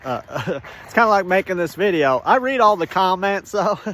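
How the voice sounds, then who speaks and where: A man with a fairly high voice talks as he walks a snowy outdoor trail, recorded on a handheld phone. He rambles from one joke to the next in a loose walk-and-talk monologue and chuckles to himself. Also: animated, normal speed, fairly bright tone. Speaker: vlogger.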